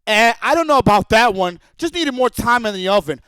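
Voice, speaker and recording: High-voiced man ranting angrily. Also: expressive, fairly quick, bright, forceful tone, smooth, no echo. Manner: angry, profane, repetitive. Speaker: streamer. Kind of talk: heated rant.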